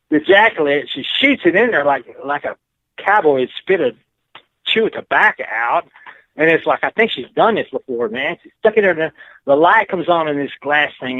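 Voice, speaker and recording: A man's voice: fairly high pitch, no room sound. Rambling man on a tinny phone line. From Texas. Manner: rambling, frank, full of "you know". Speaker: interview guest. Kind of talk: casual storytelling.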